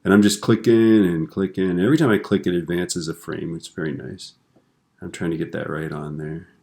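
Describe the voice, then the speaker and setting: A man teaching a screen-recorded software lesson in a relaxed way, tossing in corny jokes and tag questions, recorded at a computer. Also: deep voice, fairly quick, gravelly.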